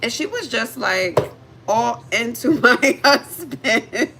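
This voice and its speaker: A woman livestreaming, telling a story in a chatty, animated way. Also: fairly high pitch, slow, background noise. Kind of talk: casual storytelling chat.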